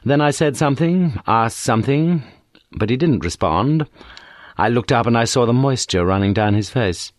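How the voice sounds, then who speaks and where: A man reads a detective novel aloud in a measured, expressive way, his pitch moving a lot. The recording is dry and close. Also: no room sound. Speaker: audiobook narrator. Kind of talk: scripted narration.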